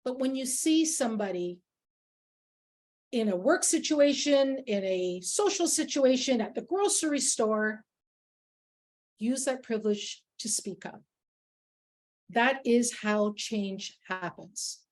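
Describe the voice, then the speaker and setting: An earnest woman with a fairly high voice leads a workplace workshop. She speaks with emphasis and weaves in stories from her own life. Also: expressive, takes it slowly, long pauses, darkish tone. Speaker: workshop facilitator. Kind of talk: workshop talk with personal anecdotes.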